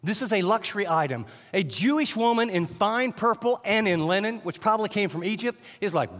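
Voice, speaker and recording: A middle-aged man preaching a sermon as a Bible teacher, animated and often restarting his sentences. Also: high-pitched, a little fast, few pauses. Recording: long hall reverb.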